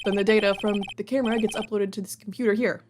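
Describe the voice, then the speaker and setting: A woman's voice: mid-range voice, steady tone, fast, noisy background. A woman playing a video game and reading its dialogue aloud, with wry joking asides. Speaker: let's player.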